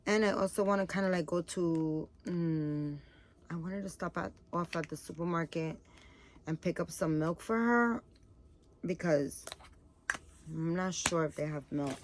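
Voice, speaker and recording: A woman's voice: fairly low pitch, unhurried, slight background noise. A woman chatting casually to camera, tired and rambling with lots of fillers as she shows off her purchases. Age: adult, has a daughter. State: tired, yawning. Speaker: vlogger showing baby doll items.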